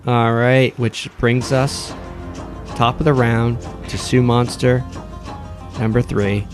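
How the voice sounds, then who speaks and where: A man's voice: mid-range voice, fairly even intonation, slow, over music. A man narrating a tabletop game as game master, laid-back and describing combat results.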